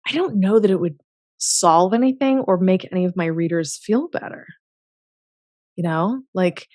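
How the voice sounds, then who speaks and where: A woman's voice: on the low side, no room sound, clean studio sound. A woman speaking as a guest in an interview, candid and emphatic, sprinkling her talk with "like" and frequent laughter. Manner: emphatic and self-assured, heavy use of "like"; laughs often. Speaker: author and business co-founder, interview guest.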